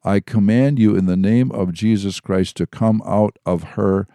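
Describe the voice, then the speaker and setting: A man with a very low, dark voice reads scripture aloud and then breaks off into casual comments. His tone is relaxed and he speaks close to the mic in a dry space. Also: a little slow, no room sound. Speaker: co-host reading scripture. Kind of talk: Bible reading and discussion.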